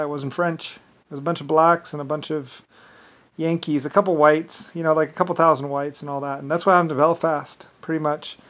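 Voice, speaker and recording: A man speaking in a rambling, casual monologue, meandering and halting, with many fillers and restarts. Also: on the high side, fairly bright tone.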